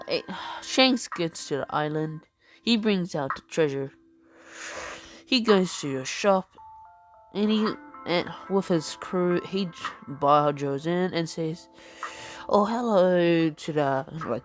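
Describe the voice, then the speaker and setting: A woman retelling a fan story off the cuff, hesitant and full of fillers and restarts. Her voice is low and her pace slow, with faint music playing behind her. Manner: hesitant, lots of fillers and self-corrections. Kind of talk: improvised fan-fiction narration.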